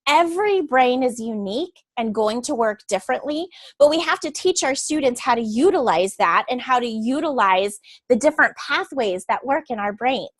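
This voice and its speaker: A woman's voice: a little high, animated, normal speed, few pauses, dry recording. A woman teacher giving an earnest, explanatory lecture to adult learners before a read-aloud. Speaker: teacher educator.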